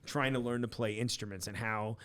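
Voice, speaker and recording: A man co-hosting a casual podcast, chatty and jokey, with quick short replies as he listens. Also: on the low side, steady tone, fairly bright tone. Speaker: podcast co-host.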